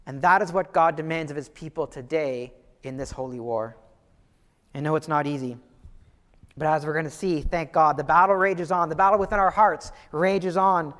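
A man preaching a sermon in a lively, conversational way, asking his listeners questions as he goes. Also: on the high side, moderate pace, big-room sound. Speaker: pastor.

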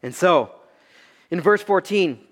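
A young man preaching an expository sermon, swinging between loud emphatic peaks and low quiet stretches. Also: animated, slow, long reverb tail. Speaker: pastor.

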